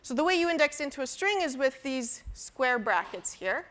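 A woman's voice: high voice, sing-song, moderate pace, fairly bright tone. A woman lecturing a university class on programming, explaining step by step with fillers and restarts. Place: lecture hall.

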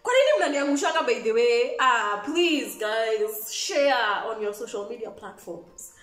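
Animated woman, high lively voice. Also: measured pace. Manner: animated, laughing, switching between English and Swahili. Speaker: vlogger. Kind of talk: storytime vlog. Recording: echoey room.

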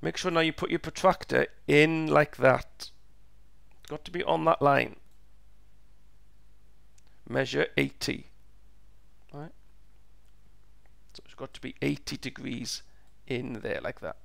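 Slow, gravelly-voiced man teaching. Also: fairly high pitch, a bit bright, dry recording, studio quality. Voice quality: gravelly, croaky. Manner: slow, patient, repeats steps. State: voice going hoarse. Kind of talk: step-by-step physics lesson.

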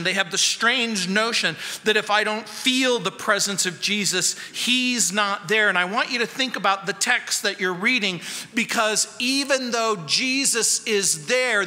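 High-pitched, slow-paced man preaching a sermon. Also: long reverb tail. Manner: preaching with rhetorical questions, swinging between loud and soft. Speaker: pastor.

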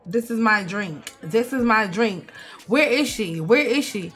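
A young woman, giving animated, swearing, mock-outraged commentary as she plays a life-sim game. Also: fairly high pitch, unhurried, husky. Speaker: gaming streamer. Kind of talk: casual gameplay commentary.

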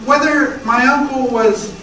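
High, bright man in an echoey room. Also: steady tone, a little slow, a little hiss or hum. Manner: reflective reminiscing. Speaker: relative of the subject. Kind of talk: documentary interview recollection. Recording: very echoey, distant mic.

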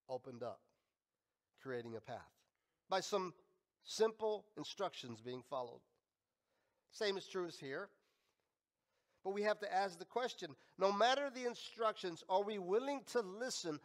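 A male pastor preaching a sermon, emphatic and swinging between loud and quiet. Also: high-pitched. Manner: emphatic, rising and falling in volume.

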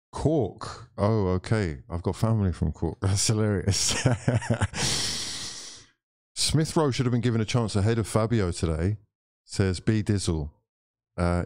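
A young man with a low, mellow voice hosts a live football watchalong stream. He reads viewer comments aloud and chats in a relaxed, easygoing way, laughing often. The sound is close and dry, with no room echo. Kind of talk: casual chat reading live chat.

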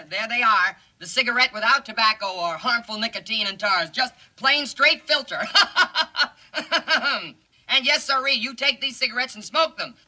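An actor playing a giggly, hard-selling TV cigarette pitchman in a 1950s film comedy. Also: pushed and bright, exaggerated voice, low-quality recording.

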